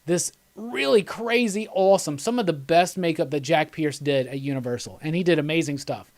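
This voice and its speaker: Rambling, excitable male movie commentator. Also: on the high side, normal speed. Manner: enthusiastic, rambling, often laughing; chats with viewers by name. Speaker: host of live movie commentary. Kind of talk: casual live commentary.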